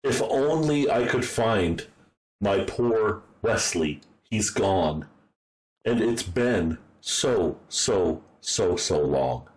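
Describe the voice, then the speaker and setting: A man's voice: lowish voice, lively intonation, extremely slow, poor audio. A man voicing a sorrowful young princess who speaks in rhyme. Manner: rhyming, lamenting speech.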